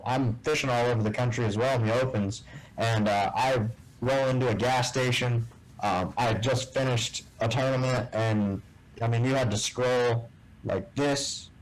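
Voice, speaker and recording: A man as a guest in a casual interview, telling a story and acting out the dialogue with lively shifts in voice. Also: medium pitch, rough recording. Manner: animated storyteller who acts out quoted dialogue. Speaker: guest, tournament bass angler.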